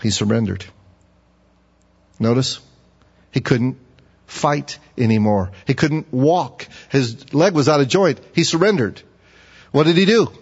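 A man's voice: a little slow, pauses often, breathy edge. Preacher man in a dull echoey hall. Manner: animated, rising high when acting out pleading; asks the audience questions. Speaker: pastor. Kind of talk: sermon.

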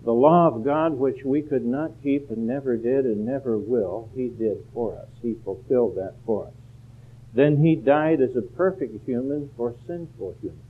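A male pastor delivers a sermon in a mid-pitched voice, earnest and measured, climbing to forceful emphasis on his main points. The recording is narrow and tinny, like sound heard over a telephone. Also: husky. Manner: earnest, rises to emphatic peaks. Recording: phone-like narrow band.

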